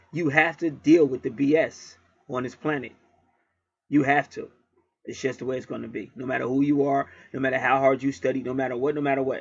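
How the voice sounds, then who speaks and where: A man's voice: mid-range voice, husky, no echo, lo-fi sound. A man at home telling a rambling story in a casual monologue, swearing freely and repeating himself. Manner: profane, rambling, repetitive. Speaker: channel host.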